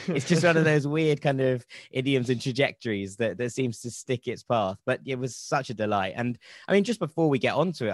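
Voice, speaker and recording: A man hosts a casual football podcast in a rambling, wry way, often restarting his sentences. His voice sits at an ordinary middle pitch, recorded close and dry with no room around it. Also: no echo. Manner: rambling, self-correcting, wry. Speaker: podcast host.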